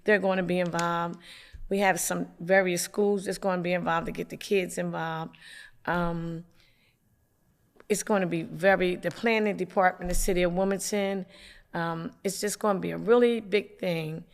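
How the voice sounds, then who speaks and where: A councilwoman from hosting a local community TV show, with the hiccups, making announcements in a halting way with many fillers. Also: lowish voice, steady tone, gravelly. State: has the hiccups.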